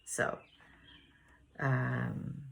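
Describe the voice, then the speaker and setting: A woman in her thirties leading a spiritual study, chatting in a gentle, meandering way and laughing often. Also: very deep voice, fairly even intonation, extremely slow, creaky, slight background noise. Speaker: spiritual study group leader. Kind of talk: casual reflective sharing and reading aloud.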